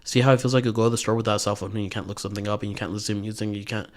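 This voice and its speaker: A man's voice: on the low side, steady tone, rapid-fire. Blunt, profane young man chatting. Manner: blunt and profane, thinks aloud. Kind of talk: casual podcast chat.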